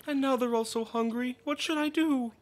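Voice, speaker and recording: A woman voicing a gentle mother of hungry kids as she reads game dialogue aloud, polite and pleading. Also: high voice, fairly even intonation, moderate pace, pitched above the performer's own voice, lightly acted.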